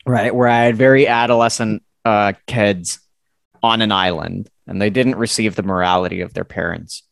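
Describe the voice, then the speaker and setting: A man's voice: lowish voice, fairly even intonation, moderate pace, vocal fry, dry recording. Hesitant, thoughtful man, dry sound. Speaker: guest, military veteran. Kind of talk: casual chat.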